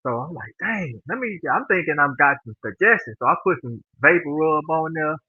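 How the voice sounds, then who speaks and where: A man's voice: a little high, fairly quick, husky, no echo. A man guest telling a long story in casual slang, acting out the voices of the people he quotes. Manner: animated, acts out quoted dialogue; relaxed informal slang. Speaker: podcast guest. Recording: dry, phone-like narrow sound.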